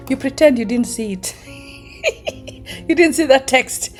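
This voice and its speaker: Kenyan woman telling lively stories. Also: high voice, a little slow, pauses often, soft background music. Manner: animated, laughs often, acts out quoted voices. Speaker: vlogger. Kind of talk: casual storytelling monologue.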